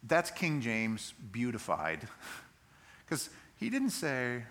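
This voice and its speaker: A pastor preaches a sermon in a mid-range voice at a measured pace. He tells the story in an animated, lively way, acting out the voices of the people in it.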